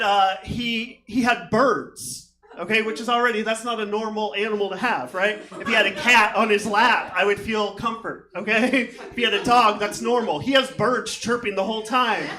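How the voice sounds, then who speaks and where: A man with a high voice works a live club crowd with a stand-up set. He rambles and runs himself down, with lots of fillers. The audience laughs loudly through it. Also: fairly even intonation, moderate pace. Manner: self-deprecating, rambling, many fillers. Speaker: stand-up comic. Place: comedy theater stage.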